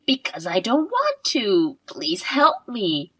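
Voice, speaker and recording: A woman voicing a greedy, selfish older mother-in-law who whines and pleads in a somewhat lower voice. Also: wildly swooping pitch, slow, fairly bright tone, breathy edge, exaggerated voice. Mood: pleading. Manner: pleading, whiny, self-pitying.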